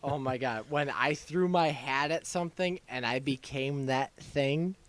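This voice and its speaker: Excitable young man gushing about games. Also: medium pitch, a little slow. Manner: excitable, gushing, acts out his own reactions. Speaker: podcast co-host. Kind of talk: casual gaming chat.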